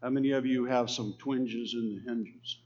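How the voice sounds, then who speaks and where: A man's voice: mid-range voice, fairly even intonation, normal speed. A man from Texas preaching a sermon in an earnest, conversational way, calling on the congregation to repeat lines after him. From Texas, USA. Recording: dull lo-fi sermon recording.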